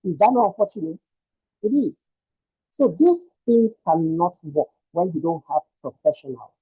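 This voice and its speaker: A man's voice: on the high side, lively intonation, moderate pace, slightly rough, dry recording. Emphatic man on a muffled call. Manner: emphatic, repeats points with rhetorical questions. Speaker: senior lecturer and researcher. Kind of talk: online panel discussion. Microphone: video call.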